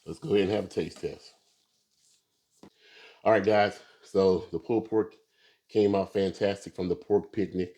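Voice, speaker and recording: A man with a low voice, speaking at normal speed and pausing often, hosts a casual barbecue video. He relaxedly talks viewers through shredding and tasting pork, using many fillers in this easygoing cooking demonstration.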